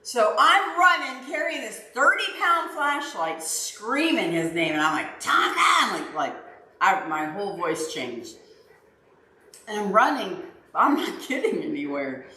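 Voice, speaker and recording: A woman hosting a livestream, telling a story to her chat in a casual, animated way and acting out her own yelling. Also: medium pitch, unhurried. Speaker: livestream host, dog owner. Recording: roomy echo, faint background noise.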